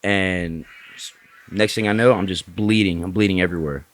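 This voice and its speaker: A man's voice: sits low, moderate pace. A man, a podcast guest, telling a casual story with lots of swearing and acted-out voices. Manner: animated, swearing freely, acts out other people. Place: Tampa area.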